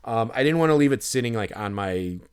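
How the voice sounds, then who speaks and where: A man's voice: mid-range voice, a little fast, clean tone. A man co-hosting a podcast, telling a long casual story full of fillers, swearing and retold inner monologue. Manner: rambling, lots of fillers and profanity, animated when retelling. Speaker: podcast co-host.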